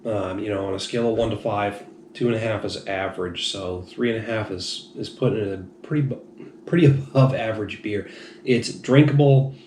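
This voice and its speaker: A man's voice: fairly low pitch, normal speed, a little mellow. A man reviewing beer in a rambling, frank, self-deprecating way, a little tipsy. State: slightly tipsy. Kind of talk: casual review monologue. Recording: echoey room, faint noise.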